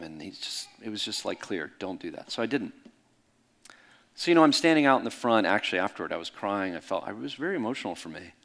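A middle-aged man preaching in a candid, conversational way, swinging between loud bursts and soft hushed asides. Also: fairly low pitch. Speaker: pastor. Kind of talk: sermon storytelling.

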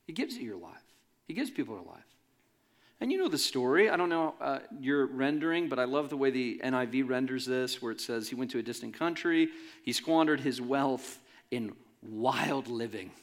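Male pastor, conversational sermon delivery, big pitch swings, jokes with the congregation. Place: church in front of a congregation.

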